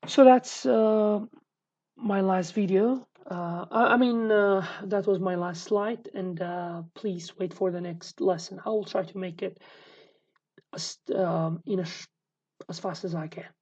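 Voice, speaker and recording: In a muffled recording, a Kurdish woman from the Sulaymaniyah area runs an online English lesson, backing up to restart many times and going over examples slowly and repeatedly. Her voice is mid-range, steady and dark in tone.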